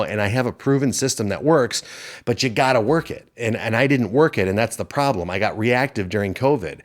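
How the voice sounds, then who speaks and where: A man in his fifties hosting a podcast, giving a rambling, preachy motivational monologue. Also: lowish voice. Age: 50s. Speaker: podcast host.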